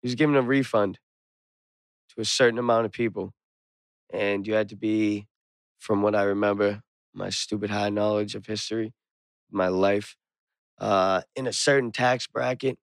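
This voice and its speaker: Young man telling a story loudly. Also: fairly low pitch, moderate pace, long pauses, no room sound. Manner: animated, swearing, loud when acting out the story. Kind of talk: casual storytelling chat.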